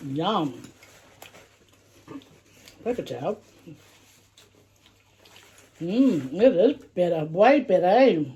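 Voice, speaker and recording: A woman's voice: on the low side, expressive, extremely slow, long pauses, dark tone, lo-fi sound. A middle-aged woman, chatting casually while eating and humming over her food. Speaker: vlogger eating with her daughter. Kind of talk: casual mukbang chat.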